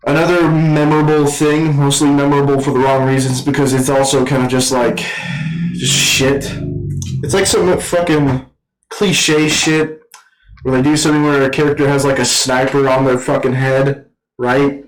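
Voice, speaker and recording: A man giving a casual, rambling film review, swearing constantly and filling every pause with "like" and "uh.". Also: mid-range voice, fairly even intonation, roomy sound, faint music behind, rough recording. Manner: profane, rambling, full of fillers. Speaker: movie reviewer.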